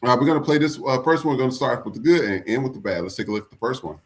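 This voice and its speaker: A man's voice: mid-range voice, lively intonation, very fast, very noisy. A man hosting a podcast, loose and chatty as he introduces clips. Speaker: podcast host.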